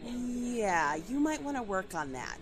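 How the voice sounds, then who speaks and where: A woman's voice: fairly high pitch, big pitch swings, slow pace, crowd noise. A woman playing a sarcastic, dramatic young female friend who teases and bargains. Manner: sarcastic and theatrical.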